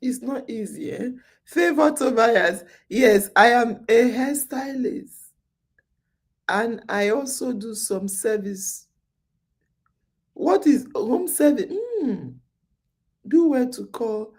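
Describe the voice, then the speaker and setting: Woman host, drowsy and chatty, unhurried, dark-toned voice, loops back over her words. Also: on the high side, animated. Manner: chatty storytelling, repeats phrases, many fillers. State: sleepy, yawning. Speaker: podcast host. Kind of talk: casual live-stream chat.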